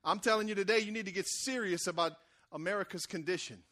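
A man's voice: high voice, fast, bright, forceful tone. A man preaching a sermon in a conversational, call-and-response way, acting out the people he talks about.

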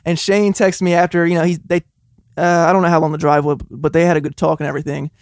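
A young man in a casual music podcast, rambling through a funny story with frequent laughs. His voice sits a little high, and the sound is dry and close. He reviews songs in loose, easygoing talk. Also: level tone, fast talker, no echo. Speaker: podcast co-host.

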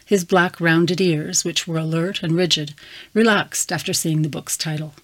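A woman reading a fantasy story aloud with calm, measured narration. Her voice sits low for a woman. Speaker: story reader.

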